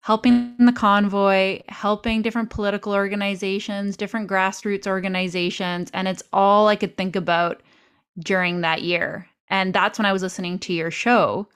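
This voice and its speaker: A woman's voice: medium pitch, level tone, normal speed, smooth. A woman from Canada hosting a podcast, telling stories in a chatty way and acting out her own past remarks. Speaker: podcast host. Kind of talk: casual conversational interview.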